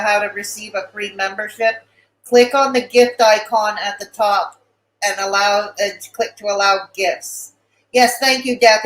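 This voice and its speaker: A woman's voice: mid-range voice, a bit bright, reverberant, poor audio. A woman hosting a casual livestream, chatting with viewers and repeating her greetings and thanks. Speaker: livestream host. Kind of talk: casual livestream chat reading viewer comments.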